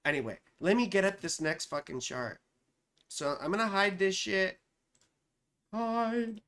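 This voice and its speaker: A woman's voice: fairly low pitch, expressive, normal speed, fairly bright tone. Profane joking woman astrologer. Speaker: astrologer hosting a livestream. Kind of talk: casual live chat reading viewer comments.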